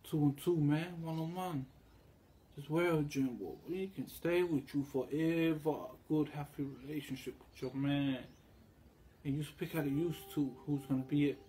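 Rambling man with a mellow voice. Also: on the high side, steady tone, unhurried, slight background noise. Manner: meandering and crude, acts out other voices in quotes. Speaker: vlogger. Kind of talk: rambling casual storytelling.

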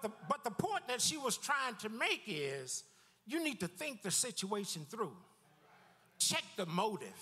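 Pastor guy preaching, high voice, lots of echo hanging in the church, repeats himself and dips way down. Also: slightly rough. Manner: lively preaching with repeated words and sudden drops in pitch. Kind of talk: sermon. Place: church sanctuary.

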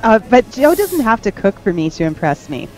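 A woman's voice: medium pitch, sing-song, moderate pace, darkish tone, soft background music, poor audio. A woman hosting a casual live-stream chat, talking in a wry, emphatic way and stretching her stresses.

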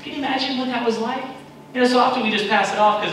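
Man, pastor, sermon, high voice, echoey church hall, far from the mic. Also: fairly quick, a bit bright, a little hiss or hum. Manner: acts out prayers in a raised, pleading voice. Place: church sanctuary.

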